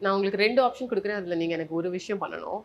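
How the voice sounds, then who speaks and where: A woman's voice: mid-range voice, rapid-fire, dull audio. A woman with a Tamil accent hosting a podcast interview, switching between Tamil and English and thanking her guest effusively. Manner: effusive, warm gratitude. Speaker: podcast host.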